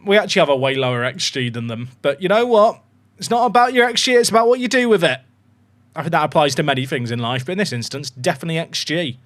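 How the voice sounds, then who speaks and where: A young man streaming a football management game, talking straight to his chat. His slightly high voice swings wildly up and down as he reacts, and he swears casually between bursts of excitement. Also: quick pace. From England. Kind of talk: live gaming commentary.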